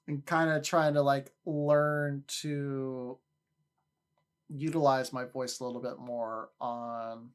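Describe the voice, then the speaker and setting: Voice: medium pitch, little pitch movement, slow pace, clear, resonant tone. A livestreamer in casual chat with viewers, rambling, often repeating and restarting words, and laughing easily.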